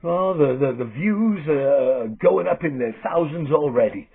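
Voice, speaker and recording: A man playing a smug male TV host gloating quietly off-air, a bit lower than his own voice. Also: expressive, a little slow, slightly rough, heavily acted. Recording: lo-fi phone-like sound.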